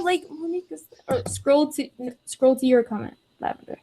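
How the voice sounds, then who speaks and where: A woman's voice: high voice, lively intonation, normal speed, few pauses, darkish tone, poor audio. A woman co-hosting a casual chat, exasperated and swearing while she scrolls for a comment. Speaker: co-host.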